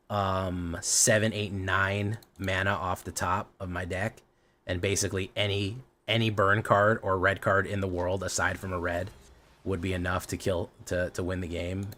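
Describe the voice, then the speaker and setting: A man with a fairly low voice talking through a card game on a livestream. He restarts his sentences often and drifts into an angry, profanity-laced rant, his voice climbing sharply in pitch and volume when he gets worked up. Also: a bit bright, slight background noise. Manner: frequent fillers and restarts, gets heated and swears. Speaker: streamer playing a card game.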